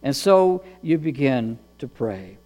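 A man preaching a sermon as pastor, earnest and measured, often repeating words as he goes. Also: medium pitch, big pitch swings, darkish tone, in a large hall, faint music behind.

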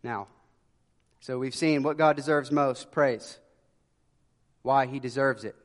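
A man preaching a sermon in an earnest way, dropping to a hush for emphasis. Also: mid-range voice, slow pace, long pauses. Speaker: pastor. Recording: long hall reverb.

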